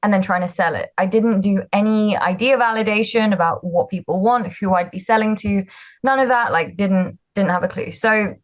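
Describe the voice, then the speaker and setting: A woman's voice: mid-range voice, moderate pace. Young woman founder, casual and candid, self-deprecating, lots of "um" and "like". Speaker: startup founder speaker. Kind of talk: casual storytelling talk.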